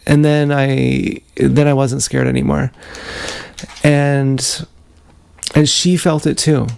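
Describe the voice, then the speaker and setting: Here a man of medium pitch speaks with little pitch movement; his voice is gravelly yet smooth, with a darkish tone. He rambles confessionally on a livestream, restarting haltingly, recorded by an action camera with faint background noise.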